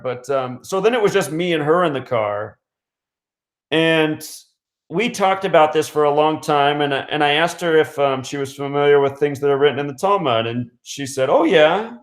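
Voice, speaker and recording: A man host telling a long story in a loose, casual way, full of fillers, restarts and small chuckles. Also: on the high side. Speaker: radio host. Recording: roomy echo.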